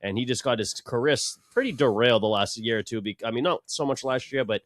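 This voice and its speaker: A male podcast co-host talking sports in loose, profane banter. He speaks quickly and mocks people with little put-on quotes. The recording is dry and close on the mic. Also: medium pitch, fairly bright tone, no room sound. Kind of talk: casual sports chat.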